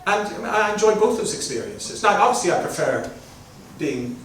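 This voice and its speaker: A man's voice: sits high, big pitch swings, moderate pace, a bit bright. Chatty Belfast man in an echoey hall. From Northern Ireland. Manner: chatty, joking, candid. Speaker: guest speaker. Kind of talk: live talk to an audience. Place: large hall with an audience. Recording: very echoey hall, mic at a distance, faint noise.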